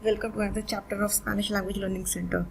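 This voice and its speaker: A woman's voice: medium pitch, level tone, rapid-fire, gravelly, slight background noise, rough recording. A woman teaching a beginner Spanish lesson, explaining each point step by step and repeating every word form twice.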